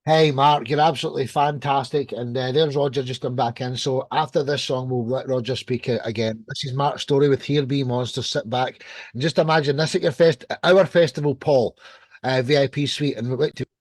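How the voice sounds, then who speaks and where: A man's voice: mid-range voice, fairly even intonation, fairly quick, dry recording. A man from the United Kingdom hosting a rock podcast, enthusiastic and loose. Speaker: radio show host.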